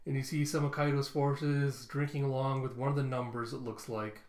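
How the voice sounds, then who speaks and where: A man's voice: mid-range voice, level tone, moderate pace, hardly any pauses, a little mellow. A young man casually narrating comic panels aloud, laughing and jumping into character voices. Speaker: comic reviewer. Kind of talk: casual comic read-along. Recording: echoey room.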